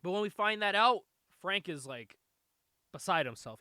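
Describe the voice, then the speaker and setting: High, lively man chatting about comics. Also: normal speed, clear, resonant tone, no echo. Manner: animated, laughs often, swears freely. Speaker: podcast host. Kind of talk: casual comic book chat.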